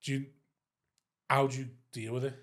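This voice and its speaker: A man's voice: mid-range voice, little pitch movement, moderate pace, a bit bright. A man from Liverpool with a Scouse accent, hosting a podcast in jokey, casual chat and laughing easily. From Liverpool area, England.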